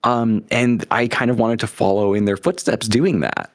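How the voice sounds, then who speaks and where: A man's voice: on the low side, steady tone, moderate pace, no echo, studio quality. A young adult man telling stories as a podcast guest, enthusiastic and rambling, with many restarts. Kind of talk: casual interview storytelling.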